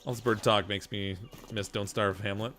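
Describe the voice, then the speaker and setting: A man in his forties with a slight Canadian accent, chatting casually while streaming a game, relaxed and chuckling, with many fillers. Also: fairly low pitch, normal speed, faint music behind. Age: 40s. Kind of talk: casual gameplay stream chat.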